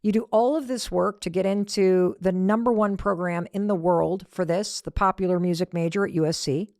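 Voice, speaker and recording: A woman's voice: lowish voice, steady tone, normal speed, darkish tone, no echo, studio quality. A middle-aged woman giving a motivational talk, telling a family story and acting out the voices of the people in it. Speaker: motivational speaker.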